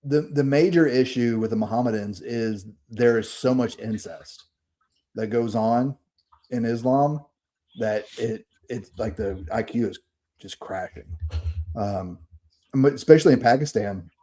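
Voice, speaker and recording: A man with a Southern Alabama accent, chatting casually as a podcast co-host. His voice is dark and mellow, and he jokes around and laughs often. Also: medium pitch, measured pace. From Alabama, USA.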